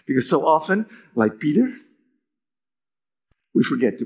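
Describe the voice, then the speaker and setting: A man preaching as a pastor alternates between emphatic lines and hushed, almost whispered ones, lifting his pitch in a lively way when he acts out quotes. His voice is husky, his pace moderate, and he pauses often.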